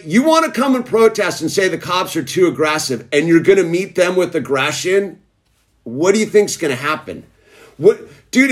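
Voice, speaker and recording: A man lectures in a casual rant, preachy and emphatic. His fairly high voice leaps up and down as he drives each point home. He keeps tacking "dude" onto his sentences. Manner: preachy, repeatedly saying "dude".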